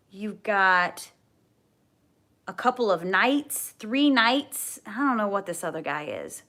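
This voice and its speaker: A woman talks through a tarot spread in a gentle, earnest way at an ordinary pitch. She often repeats her key phrases for emphasis. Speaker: tarot reader. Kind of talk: tarot reading to camera.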